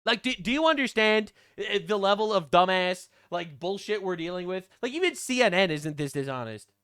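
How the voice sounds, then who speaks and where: A man giving sarcastic, mocking reaction commentary, swearing and swinging between loud outbursts and low asides. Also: lively intonation, normal speed, clean tone, no room sound, studio quality.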